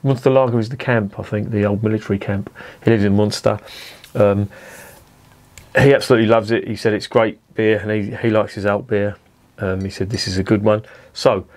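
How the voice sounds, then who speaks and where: A man reviewing a beer in a casual vlog, meandering from tangent to tangent with plenty of ums. His voice sits a bit low, and his talk is chatty and unpolished with the odd swear word. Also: fairly even intonation, normal speed, darkish tone. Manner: rambling, chatty, with swearing and many fillers.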